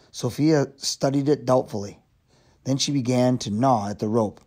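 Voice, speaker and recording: A man reads a children's novel aloud in a steady, even storytelling voice. His pitch sits at a typical middle for a man. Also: normal speed. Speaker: reader.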